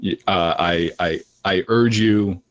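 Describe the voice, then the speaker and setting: A man's voice: low-pitched, slow pace. A man co-hosting a live stream in casual chat, who stammers and restarts his words.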